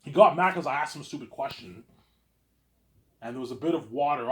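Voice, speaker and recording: A man's voice: fairly high pitch, animated, a little fast, long pauses. Rambling, stammering young man in an echoey room. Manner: repetitive, stammering restarts. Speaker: vlogger. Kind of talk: rambling casual monologue.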